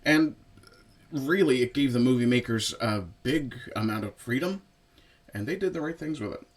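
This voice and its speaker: A man giving a casual spoken film review in a relaxed, conversational way, with lots of fillers and little asides. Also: mid-range voice, moderate pace. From Newfoundland, Canada. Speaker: movie reviewer.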